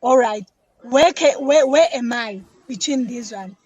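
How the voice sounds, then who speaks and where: A woman's voice: a little high, unhurried, darkish tone, husky, no echo, muffled recording. A South African woman explaining detergent making as a podcast guest, chatty, often repeating words. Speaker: business guest, detergent maker. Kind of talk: casual podcast interview.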